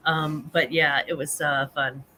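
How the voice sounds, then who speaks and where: A woman's voice: sits low, flat delivery, a little slow, pushed and bright, a little hiss or hum, rough recording. A woman, hosting a casual live-stream chat, rambling with many ums and restarts. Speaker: host of a live reselling chat show.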